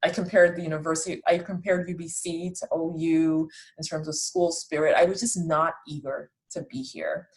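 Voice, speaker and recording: A woman's voice: low voice, fairly even intonation, moderate pace, hardly any pauses, poor audio. A woman in her late twenties hosting a podcast, chatting casually about her own life in a self-deprecating way and often restarting sentences. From raised in the Netherlands. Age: late 20s. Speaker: podcast host. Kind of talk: casual personal storytelling.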